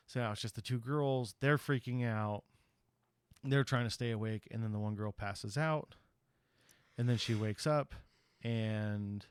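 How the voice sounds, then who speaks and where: A man on a podcast, his voice on the low side, loosely rambles through the plot of a horror film while acting out what the characters say. His slang is casual and profane, and the studio-quality recording is clean with no room sound.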